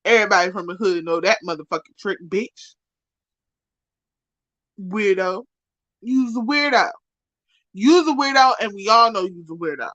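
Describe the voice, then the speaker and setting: Woman, live-stream rant, profane insults, bright sharp voice, dry close sound. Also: a little high, no room sound, low-quality recording. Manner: profane, insulting, repetitive, swings from shouting to muttering.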